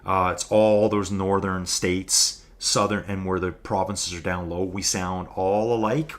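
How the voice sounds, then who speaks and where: A man's voice: low voice, fairly even intonation, unhurried. A man with an Albertan Canadian accent, commentating a live-streamed race in a loose, rambling way full of joking asides.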